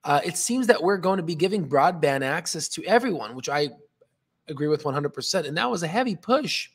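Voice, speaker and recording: Casual male stock-chart host, young adult, slightly higher voice, sleepy and rambly. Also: expressive, a little fast, slightly rough. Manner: rambling, filler-heavy, frequent restarts. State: yawning, tired. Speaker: stock market channel host.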